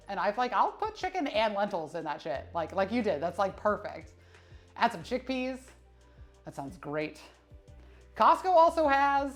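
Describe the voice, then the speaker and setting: A woman in her thirties chatting candidly on a live fitness stream, laughing often and swearing freely. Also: on the low side. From United States. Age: 30s. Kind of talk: casual live-stream chat. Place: gym. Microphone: streaming camera mic.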